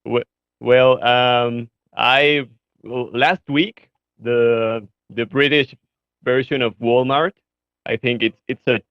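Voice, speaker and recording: A man calling in to a show, asking a question hesitantly with many pauses and restarts. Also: medium pitch, no echo, highs cut off. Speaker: caller. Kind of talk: casual chat.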